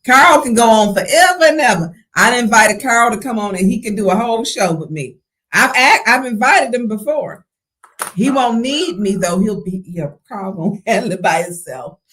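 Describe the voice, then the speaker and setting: Female talk show host, slightly high and lively, friendly but firm with callers. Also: normal speed. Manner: friendly, laughing, firm on time. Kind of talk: call-in talk show hosting.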